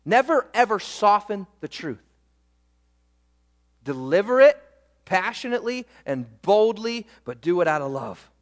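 A man's voice: sits high, measured pace, long pauses. Young pastor guy preaching, emphatic, big echoey hall. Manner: animated preaching, rising and falling with emphasis. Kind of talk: sermon.

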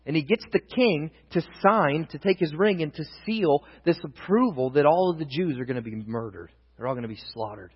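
High-voiced husky preacher in a hall. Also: male voice, lively intonation, a little fast, hardly any pauses. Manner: storytelling, dramatic swings from loud to hushed. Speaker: pastor. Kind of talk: sermon. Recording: dull echoey hall, long reverb.

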